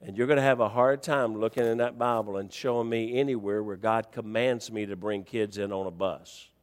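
A male pastor preaching a sermon, telling a story and rising to near-shouts as he acts out the exchange. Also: fairly low pitch, steady tone, a little fast, long reverb tail.

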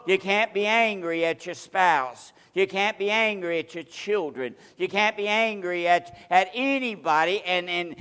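Preaching man with high, echoing voice. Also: smooth. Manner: storytelling with acted-out quotes, dynamic swings from loud to hushed. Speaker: pastor. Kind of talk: sermon. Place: church sanctuary.

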